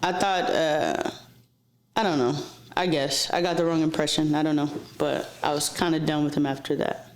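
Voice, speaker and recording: A woman's voice: low-pitched, fairly even intonation, moderate pace. A woman guest telling stories in casual chat, frank and profane, with lots of fillers, sometimes dropping to a near-whisper. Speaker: interview guest. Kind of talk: casual storytelling. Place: office.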